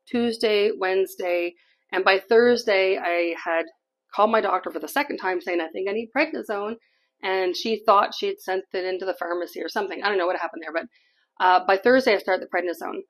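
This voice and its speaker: A woman's voice: medium pitch, rough recording. A middle-aged woman from Canada, telling a personal story to camera in a candid, chatty way and laughing now and then. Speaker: vlogger.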